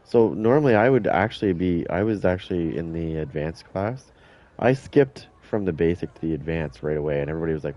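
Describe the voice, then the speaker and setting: Over a muffled recording, a man with a low-pitched voice talks at a quick pace. He streams a game while chatting casually, boasting, swearing a lot, and acting out quotes in his stories.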